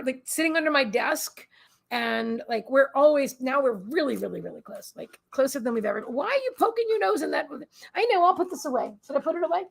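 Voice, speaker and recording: A woman's voice: sits high, creaky, a bit bright, slightly rough. A woman hosting a live psychic reading stream from her desk at home, rambling and emotional as she reads viewer comments and talks to her dog.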